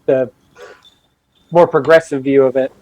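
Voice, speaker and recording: A man's voice: mid-range voice, steady tone, a little slow, darkish tone, no room sound, poor audio. A man co-hosting a casual podcast discussion, rambling loosely and correcting himself as he goes. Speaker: podcast co-host.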